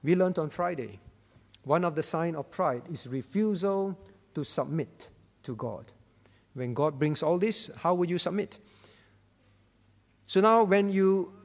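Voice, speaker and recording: A man's voice: sits high, big-room sound. A man preaching a sermon as pastor, emphatic, repeating his key phrases and putting questions to the congregation. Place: church.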